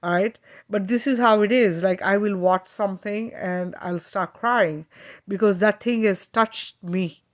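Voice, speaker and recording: Earnest rambling woman talking spirituality. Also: on the low side. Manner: rambling, emphatic, many fillers and restarts; earnest and emotional, laughs now and then. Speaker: spiritual channel host. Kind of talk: casual spiritual talk to viewers.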